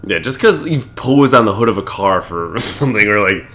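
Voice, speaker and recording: Young male podcast co-host, low-set voice with a bright edge, jokey and loose with fillers. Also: animated, normal speed. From Chicago. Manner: joking, laughs often, trails off with fillers. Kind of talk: casual recap chat.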